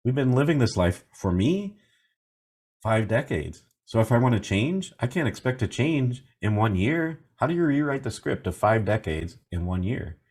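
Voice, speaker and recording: A man's voice: lowish voice, darkish tone, breathy edge. A man in his fifties, a mindfulness coach, giving an earnest reflective talk full of rhetorical questions and repeated key phrases. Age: 50s.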